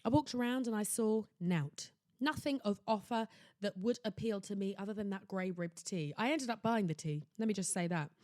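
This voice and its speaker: On her own podcast, a young woman with a mid-range, slightly mellow voice talks at normal speed, ranting sarcastically and theatrically about shopping. The casual solo rant comes from a home laptop setup but sounds studio quality, with no echo.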